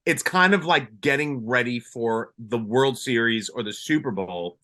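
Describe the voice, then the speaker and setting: A man's voice: mid-range voice, a little slow, sharp tone. A retired police sergeant from Colombia, a man, telling a story in a casual interview, with many restarts and fillers.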